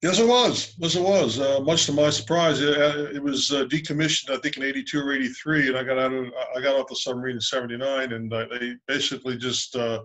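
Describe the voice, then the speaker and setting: A man's voice: medium pitch, little pitch movement, fast, hardly any pauses, fairly bright tone, poor audio. A man in his sixties, a submarine veteran, telling good-humored anecdotes in a rambling way over a video call. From United States. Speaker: submarine veteran and loan officer. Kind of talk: casual storytelling interview.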